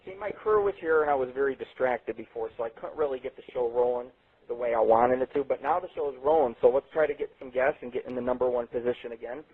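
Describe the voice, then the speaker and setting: Husky-voiced man hosting a tinny radio show. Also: fast talker. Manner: profane, rambling, with sudden jumps in pitch. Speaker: internet radio show host. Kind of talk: rambling late-night radio storytelling. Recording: tinny phone-like sound.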